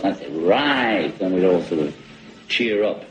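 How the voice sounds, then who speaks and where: A man telling an anecdote in an animated way, mimicking other people's voices, heard in an archive recording. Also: on the low side, normal speed. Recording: roomy, faintly noisy archive recording.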